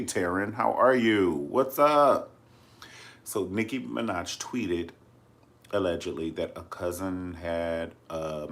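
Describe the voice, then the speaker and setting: Man, low-pitched, slow, sassy, dramatic, casual celebrity chat. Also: a bit bright. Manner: sassy and dramatic, calls viewers honey. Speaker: vlogger discussing celebrity news.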